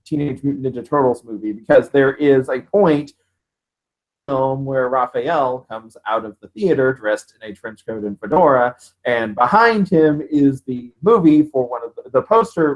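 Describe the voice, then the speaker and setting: A man's voice: mid-range voice, moderate pace, low-quality recording. Chatty man co-hosting a live show. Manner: chatty, animated, laughs easily. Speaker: co-host. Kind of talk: casual live-stream chat.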